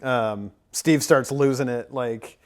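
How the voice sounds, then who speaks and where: A man in his thirties talks through a film recap in a loose, rambling way. He is full of fillers and likes and keeps a middle pitch for a man. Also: fairly even intonation, slow. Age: 30s. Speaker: podcast co-host. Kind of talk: casual movie recap chat.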